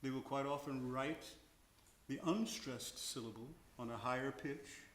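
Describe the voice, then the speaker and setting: An older man, a veteran opera tenor, reflects slowly on singing during a Q&A on a concert house stage, now and then singing short examples to illustrate. His voice sits at medium pitch with a slightly bright quality. The room is echoey, with a little hiss or hum.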